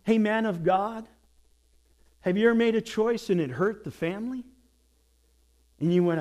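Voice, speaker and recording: A man preaching a sermon as pastor, telling stories and jokes with lively acted quotes. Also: high-pitched, normal speed, pauses often.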